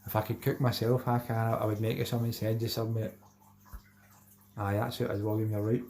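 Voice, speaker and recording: A man's voice: fairly low pitch, little pitch movement, fairly quick, a little mellow, slight background noise. A middle-aged Scottish man hosting a live stream, chatting casually with viewers and reading out their comments, repeating himself and calling everyone mate.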